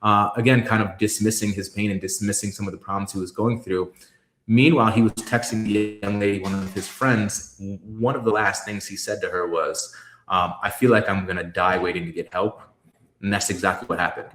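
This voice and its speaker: A low-voiced man speaking in a candid interview, recorded in a room with noticeable echo. He tells stories emphatically, swears for effect and stumbles into restarts as he builds his point. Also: fairly even intonation, a little fast, fairly bright tone. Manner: emphatic, profane, storytelling with many restarts. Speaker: guest, creative executive.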